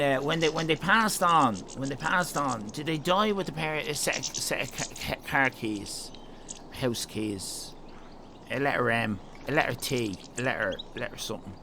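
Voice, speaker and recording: A man's voice: a little high, creaky, pushed and bright, slight background noise. A man with an Irish accent, rambling and joking with his viewers in a casual live stream. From Northern Ireland. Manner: rambling, jokey, chatting to viewers.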